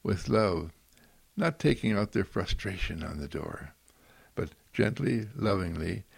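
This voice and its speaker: Gravelly, husky man giving gentle uplift. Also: lowish voice, no room sound. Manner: soft, repetitive, loving affirmations. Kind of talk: gentle inspirational talk.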